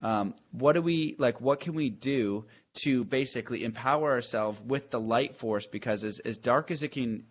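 A man's voice: medium pitch, highs cut off. A man hosting a podcast, talking in an enthusiastic, searching way and restarting his questions as he thinks aloud. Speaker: podcast host. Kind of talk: casual chat.

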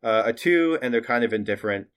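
A man's voice: mid-range voice, expressive, quick pace, a bit bright. A man narrating as game master of a tabletop game in a chatty way, laughing and using lots of fillers.

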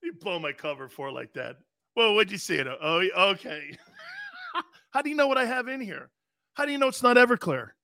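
Loud gravelly brash sports-talk man. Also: high-pitched, moderate pace, dry recording, studio quality. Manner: loud, animated, shouting and laughing, brash. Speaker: sports talk show host. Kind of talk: live sports talk show, reading chat comments.

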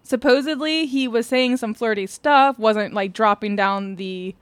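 A woman's voice: a little high, a little slow, no room sound. A woman co-hosting a podcast, casually retelling a true-crime case from her notes, laughing often and swearing offhandedly. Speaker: podcast co-host.

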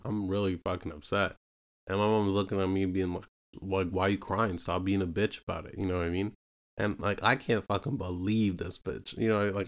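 A young man from Canada telling a personal story in a casual, rambling way, full of fillers and repeated asides. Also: deep voice. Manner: rambling, full of fillers like "you know what I mean" and "right". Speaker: podcast host telling his own story.

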